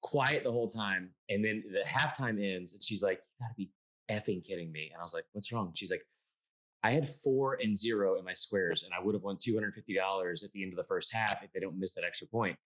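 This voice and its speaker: A man's voice: low-pitched, fairly quick, fairly bright tone, poor audio. A man from Atlanta hosting a casual sports panel by video call, telling stories with lots of restarts. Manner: rambling storyteller with many restarts. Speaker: sports show host.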